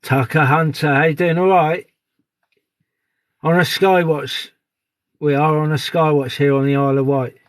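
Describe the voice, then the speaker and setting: A man's voice: a little high, fairly even intonation, moderate pace, pauses often, no echo. A man live streaming outdoors at dusk on a phone, chatting casually and greeting viewers by name. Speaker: live streamer on a sky watch.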